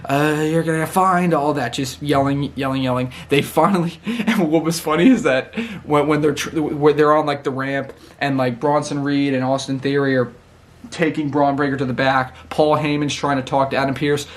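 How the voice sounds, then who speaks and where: Chatting excitedly about a wrestling show, a man recaps it casually at a normal speed in a medium-pitched voice. He laughs a lot and performs the lines people said.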